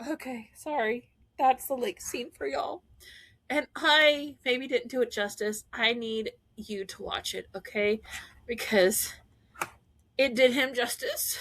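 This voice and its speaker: A woman hosting a podcast, gushing and laughing as she recaps scenes and acts out quotes in quick voices. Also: high voice, sharp tone. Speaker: podcast host. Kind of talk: excited fan recap chat.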